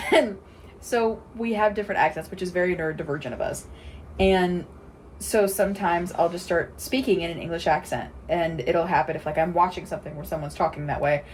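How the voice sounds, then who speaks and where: Brief: woman in her twenties, slightly low voice, playful podcast co-host, faint hiss behind. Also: brisk. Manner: chatty, laughs often, playful. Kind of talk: casual chat.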